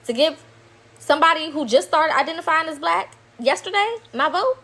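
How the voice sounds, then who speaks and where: A woman's voice: sits high, lively intonation, normal speed, bright, forceful tone. A woman in a played video clip, speaking in an indignant, emphatic and profane heated monologue that repeats her points.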